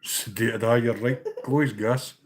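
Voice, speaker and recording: A woman's voice: a bass voice, steady tone, measured pace. A young Scottish woman teasing her cat, sweary, laughing and chatty. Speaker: fly-tying streamer. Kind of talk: casual banter with a cat.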